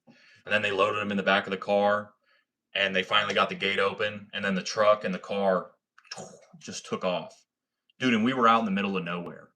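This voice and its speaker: Livestream host, male, low register, crisp bright tone, casual and profane, full of "bro" and "like". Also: flat delivery, brisk. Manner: laid-back, profane, slangy, lots of "like" and "bro". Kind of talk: casual livestream storytelling and chat.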